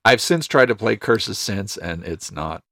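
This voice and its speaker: Low-voiced man rambling through family stories. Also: expressive, measured pace, creaky, pushed and bright, dry recording. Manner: rambling storyteller, chuckles often. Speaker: podcast co-host. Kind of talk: casual chat.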